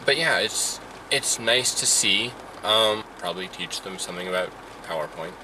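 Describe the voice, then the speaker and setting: A man's voice: on the low side, expressive, moderate pace. A tired man giving short, dry replies in a casual chat. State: tired, yawning. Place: car and outdoors. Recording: distant voice with street noise.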